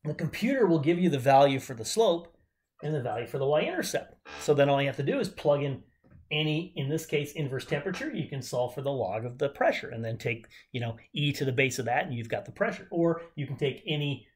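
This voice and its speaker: A man's voice: a little high, lively intonation, a little fast. A man teaching chemistry at a whiteboard, enthusiastic and jokey, talking straight to his students. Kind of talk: whiteboard lecture.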